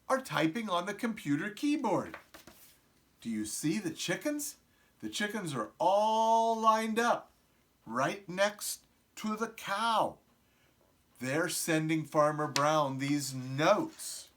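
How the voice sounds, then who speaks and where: A middle-aged man reading a picture book aloud to preschool children, often stopping to ask them questions. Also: high-pitched. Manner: slow, animated, asks the children questions. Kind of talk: storybook read-aloud to young children.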